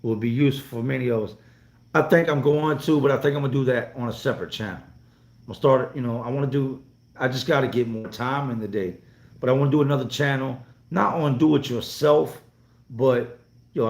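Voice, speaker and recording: A man's voice: medium pitch, fairly quick. A man in his forties from North Carolina, hosting a casual live stream and reading out viewer comments in a blunt, profane, rambling way. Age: 40s. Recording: roomy echo.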